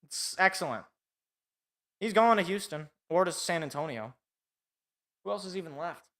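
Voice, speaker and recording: A man's voice: high-pitched, normal speed. A young man hosting a live sports podcast alone, ranting in an exasperated, sarcastic way.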